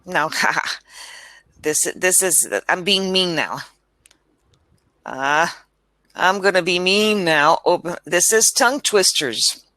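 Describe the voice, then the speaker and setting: Slow-spoken, bright-voiced woman tutor. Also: fairly low pitch, no room sound. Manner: patient, encouraging, slow careful enunciation. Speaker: English tutor. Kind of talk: online one-on-one language lesson. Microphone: video call.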